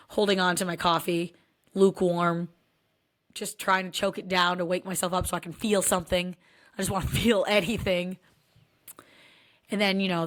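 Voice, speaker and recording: Woman, dance mom, comedic personal storytelling, candid, self-mocking, swears casually. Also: lowish voice.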